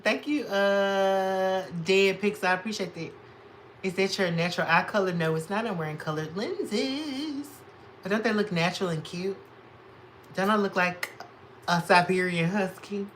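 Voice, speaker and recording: A man doing drag makeup on a livestream reads the comments and sasses them back in an animated, casual way. He's from Chicago and speaks in a high-pitched voice at a moderate pace, with poor audio and slight background noise.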